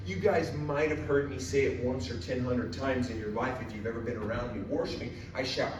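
A man preaching as a guest speaker, whose voice swings from quiet reflection to loud, fervent pleading in prayer. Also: mid-range voice, a little fast, few pauses, noisy background. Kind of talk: sermon. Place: church sanctuary. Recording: echoey church hall from far off.

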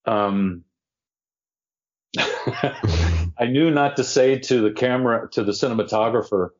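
A man, an actor, telling animated anecdotes as an interview guest and laughing now and then as he talks. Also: fairly low pitch, takes it slowly, highs cut off, soft background music. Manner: animated storyteller, laughs mid-story.

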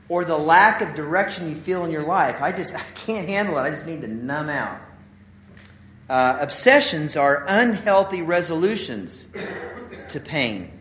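A man's voice: fairly high pitch, fairly bright tone, echoey room, a little hiss or hum. A man, preaching a sermon, telling stories and asking his listeners questions. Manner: storytelling, acts out quotes, asks the audience questions.

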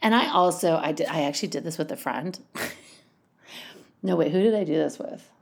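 A woman's voice: low-pitched, brisk, gravelly. A woman giving casual parenting advice in a chatty, rambling way, full of asides and restarts. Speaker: parenting coach.

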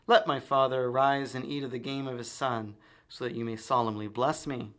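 A man's voice: medium pitch, flat delivery, normal speed, fairly bright tone, close to an everyday voice. A man reading the lines of an elder son returning from the hunt. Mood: earnest.

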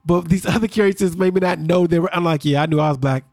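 A man co-hosting a podcast, recapping a reality show in quick, animated casual chat. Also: sits high, no echo, studio quality. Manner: fast-talking, animated storyteller. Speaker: podcast co-host.

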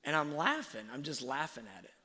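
A man giving a sermon-like talk on faith and parenting, telling stories slowly and reflectively, with fillers and restarts. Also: a little high, sing-song, bright, forceful tone. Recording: long hall reverb.

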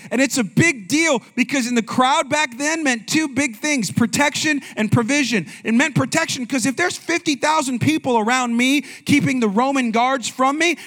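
Male pastor, high-pitched voice, conversational sermon, questions to the congregation, young adult. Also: fairly bright tone.

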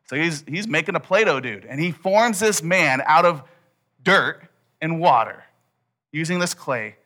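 Male pastor, fairly high and bright voice, casual storytelling sermon. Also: expressive, unhurried.

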